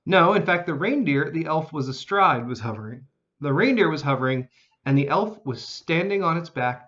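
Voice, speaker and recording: A man narrating a children's storybook in an expressive, animated reading style. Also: a little high, dull audio.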